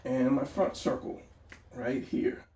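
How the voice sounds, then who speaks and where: A man's voice: medium pitch, fairly even intonation, slow pace, dark tone. A man giving a casual drawing lesson, rambling and talking to himself as he sketches. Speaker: drawing instructor. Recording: echoey room, voice from a distance.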